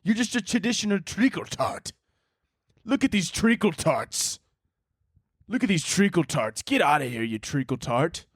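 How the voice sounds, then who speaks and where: A man's voice: high-pitched, sing-song, normal speed, dry recording, studio quality, voice pushed up. A man voicing a young guy about to start a fight, hurling repeated mocking insults. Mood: taunting.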